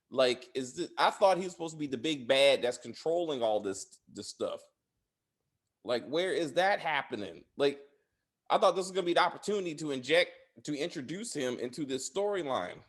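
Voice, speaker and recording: A man's voice: medium pitch, expressive, moderate pace. A man hosting a casual TV spoiler review, rambling and profane with lots of filler words. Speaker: show host reviewing TV episodes.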